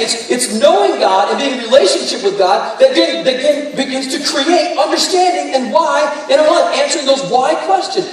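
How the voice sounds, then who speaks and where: A man's voice: very high voice, a little fast, hardly any pauses. A man preaching a sermon, telling stories and then rising into fervent exhortation. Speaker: pastor. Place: large church sanctuary. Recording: distant echoey hall, faint room noise.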